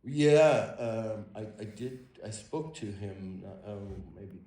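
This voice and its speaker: A man on a panel telling an anecdote in a halting way, with many restarts. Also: on the low side, dark tone. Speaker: panel guest actor. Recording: echoey hall, distant mic.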